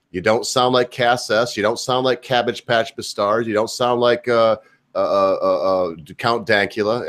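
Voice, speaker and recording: A low-voiced American man hosts a live stream in a rambling, casual way. He swears freely and drops jokes into the chat as he talks with his guest. His voice sits a little lower than most men's. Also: fairly bright tone. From United States. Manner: rambling, profane, jokey banter.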